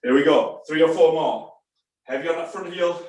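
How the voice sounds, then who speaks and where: A man's voice: fairly high pitch, normal speed, a little mellow. A male fitness instructor leading a live class, chatty and encouraging, calling short exercise cues. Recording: very echoey room, distant mic.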